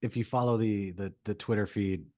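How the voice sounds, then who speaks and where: A man's voice: fairly low pitch, fairly even intonation, normal speed, darkish tone. A man co-hosting a movie podcast in casual, enthusiastic chat, stumbling and restarting often. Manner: enthusiastic, full of fillers and restarts. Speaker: podcast co-host.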